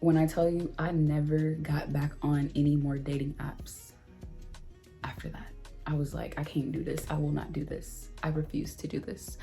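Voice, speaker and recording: A young woman recounts a bad date to her camera, voicing both sides of the conversation with growing exasperation. Her voice sits a little low for a woman. Faint music plays quietly underneath. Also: normal speed. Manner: animated, exasperated storytelling with quoted dialogue. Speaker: vlogger. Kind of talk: storytime vlog.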